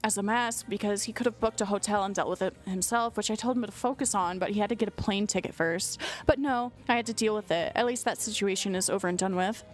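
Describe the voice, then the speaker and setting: A woman's voice: mid-range voice, fast. A congested young woman streamer who reads a document aloud in casual commentary, blunt, profane and sarcastic.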